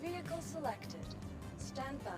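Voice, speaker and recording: A polished computer announcer from a space game, voiced by a woman, speaking in formal, even notices. Her voice sits high and swoops with lively melody, with music playing clearly underneath. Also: a little slow.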